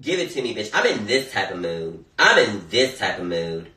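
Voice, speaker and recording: A man chatting casually on a phone livestream, sassy and animated, swearing a lot. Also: on the low side, moderate pace. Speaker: social media personality. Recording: echoey room, faint noise.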